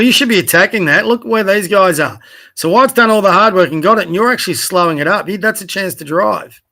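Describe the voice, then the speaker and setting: A man's voice: high voice, sharp tone. A man coaching youth basketball, reviewing game video in direct, corrective, encouraging talk and naming his players, tired late at night. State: tired, yawning. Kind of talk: casual video review commentary.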